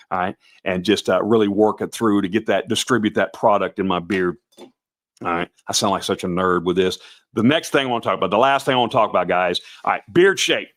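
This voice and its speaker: The host of a Santa performer show, a middle-aged man, chats casually with viewers on a live stream in a slightly raspy voice that sits on the low side yet sounds a bit bright. He rambles folksily, restarts his sentences, and keeps calling people "brother" and "guys."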